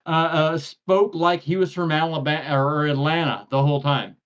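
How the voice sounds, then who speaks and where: A man's voice: on the high side, steady tone, normal speed. Rambling American man, dull lo-fi audio. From United States. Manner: rambling, many restarts and filler words. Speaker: co-host of a blacksmithing livestream. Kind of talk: casual chat.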